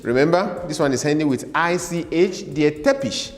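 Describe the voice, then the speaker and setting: A male teacher leads a slow, patient classroom lesson, repeating each word and having listeners echo it back. His voice sits a touch high and swings widely in pitch. The sound carries a long reverb tail, as if recorded in a large bare room. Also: expressive, faint music behind. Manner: repeats words slowly and asks listeners to say them after him. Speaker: language teacher.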